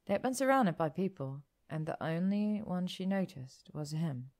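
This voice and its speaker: A woman narrating an audiobook story in a calm, even, descriptive manner. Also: on the low side, normal speed.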